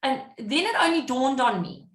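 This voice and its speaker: A woman with a slightly raised pitch chats casually as a podcast guest, recounting events with lively, acted-out quotes. Her voice carries a noticeable room echo. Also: normal speed. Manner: animated, acts out what others said. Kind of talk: casual storytelling chat. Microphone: podcast microphone.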